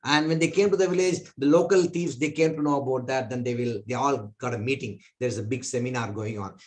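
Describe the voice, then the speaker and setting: A man teaching a spiritual class, telling a parable in an animated way. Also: fairly quick. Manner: animated, pitch jumping between voices.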